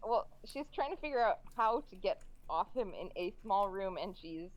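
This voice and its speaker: A woman's voice: mid-range voice, animated, moderate pace, low-quality recording. A woman playing in a tabletop game, talking hesitantly with many fillers. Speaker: player. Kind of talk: casual tabletop play.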